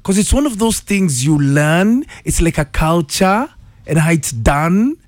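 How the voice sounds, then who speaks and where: Lively Kenyan radio host man. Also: on the high side, measured pace, no echo. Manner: upbeat, playful, lively greetings. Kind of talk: morning radio call-in quiz. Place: radio studio. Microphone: studio microphone.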